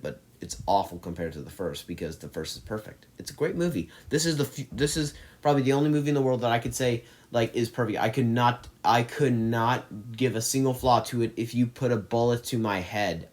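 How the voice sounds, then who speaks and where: A man's voice: mid-range voice, brisk, a little mellow. A man hosting a movie channel, ranking his favorite films in a casual, enthusiastic and rambling way, with frequent restarts.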